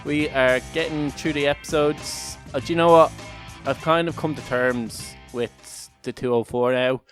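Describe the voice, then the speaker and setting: A man's voice: on the high side, steady tone, measured pace, soft background music. A man co-hosting a podcast in casual, rambling chat, joking and laughing between lines. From Ireland. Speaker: podcast co-host.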